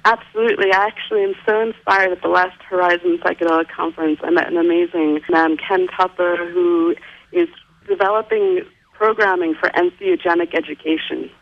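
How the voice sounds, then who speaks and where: A woman's voice: fairly low pitch, steady tone, brisk, dull audio. A woman speaking as a guest in a radio interview, talking in an earnest, reflective way.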